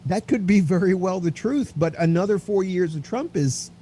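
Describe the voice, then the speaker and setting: A man's voice: high-pitched, lively intonation, moderate pace, warm tone, slight background noise. A man on a political panel, reasoning earnestly about the election. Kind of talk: political chat.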